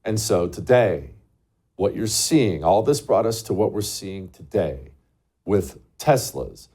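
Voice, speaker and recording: A man's voice: deep voice, animated, slow, warm tone, slightly rough. A man hosting a talk show, delivering an emphatic, scornful political monologue and repeating words for stress.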